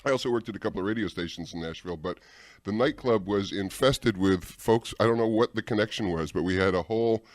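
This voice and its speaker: Low-voiced morning radio co-host, chatty and joking, dry studio mic. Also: male voice, fast, no echo. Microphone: studio microphone.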